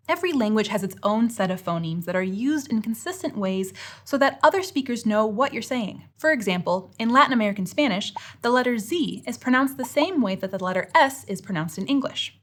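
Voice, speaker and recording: A woman's voice: on the high side, fairly bright tone. A young woman narrating a scripted educational lesson in an upbeat way, with playful asides. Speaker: educational host.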